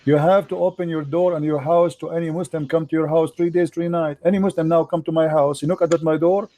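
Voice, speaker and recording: Insistent man with broken English, mellow voice. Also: a little high, steady tone, fast talker, dry recording. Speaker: debate host. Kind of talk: live online debate.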